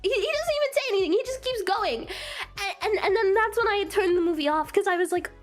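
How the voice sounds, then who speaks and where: A woman's voice: very high voice, fairly quick, soft background music. A young woman streamer giggling and rambling through a casual movie recap. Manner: giggly, rambling, with many restarts. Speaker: VTuber streamer.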